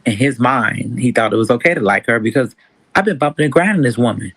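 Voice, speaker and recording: A man hosts a casual livestream chat. He tells the story with animated energy and keeps slipping into other people's words. His voice is mid-pitched, close and dry, with no room sound. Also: fast, no echo, rough recording. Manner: animated storytelling, acts out quotes. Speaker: stream host.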